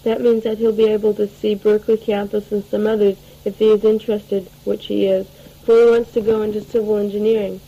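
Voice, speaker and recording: A woman's voice: mid-range voice, level tone, a little fast, few pauses, dull audio. A teenage girl rambling through a spoken audio letter to her family, full of fillers and restarts, taped at home. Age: late teens. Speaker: letter writer.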